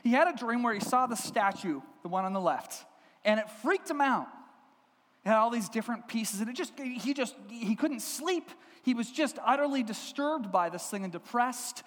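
A man, a pastor, preaching a sermon with lively, humorous storytelling in a church. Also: very high voice, normal speed. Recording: long hall reverb.

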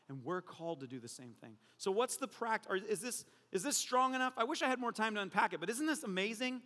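A pastor giving a sermon, an animated, joking storyteller who drops his voice low for emphasis. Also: a little fast, few pauses, long reverb tail.

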